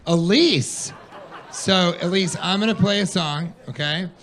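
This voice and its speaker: A man doing stand-up comedy on a club stage, telling animated stories and putting on mocking high voices for the people he quotes. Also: a little slow. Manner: animated storytelling, quoting his partner in a mocking high voice.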